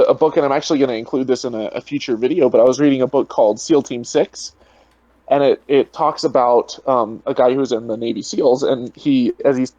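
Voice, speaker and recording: A man's voice: mid-range voice, a little mellow, dry recording, muffled recording. A man talking as a guest in a casual online debate, rambling and full of "you know" fillers over a video call. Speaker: guest, atheist video creator.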